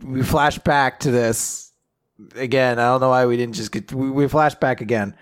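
A man in the middle of his range talks through an anime episode in a loose, rambling way. He leans on fillers and tosses off quick paraphrased lines from the characters, like a casual podcast co-host. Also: mid-range voice, fairly even intonation, clear, resonant tone.

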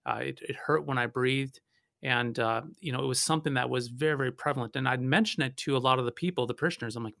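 A pastor from North Dakota works through a theological discussion, telling animated stories and often restarting his sentences. His medium-pitched, creaky voice moves fast, and the recording is clean studio sound with no echo.

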